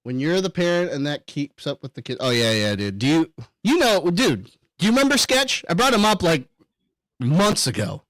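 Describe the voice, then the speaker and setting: Podcast host, man, lively voice, loud laughs and cursing, dry close sound. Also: on the high side, normal speed, no echo, poor audio. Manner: excitable, swears a lot, laughs often. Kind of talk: casual chat.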